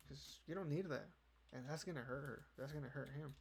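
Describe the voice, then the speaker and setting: His medium-pitched voice is gravelly and a little fast as this young man hosts a casual podcast. He rambles and curses, saying "you know" in nearly every line, while keyboard clicks and noise sound behind him.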